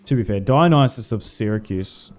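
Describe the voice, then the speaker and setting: A man's voice: on the low side, animated, moderate pace, a little mellow, faint music behind. A young Australian man chatting casually and rambling while streaming a game. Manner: rambling, laid-back, slangy. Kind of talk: casual livestream chat over gameplay.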